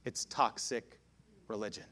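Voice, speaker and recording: A pastor preaching a sermon with passion, swinging between hushed lines and loud shouts. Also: male voice, a little slow.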